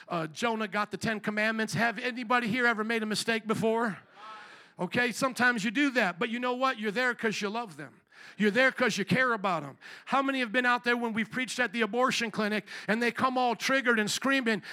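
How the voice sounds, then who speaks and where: A middle-aged male pastor with a very high, bright voice delivers a fiery sermon in a church. He preaches hard, pushing into shouts. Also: a little fast. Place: church sanctuary.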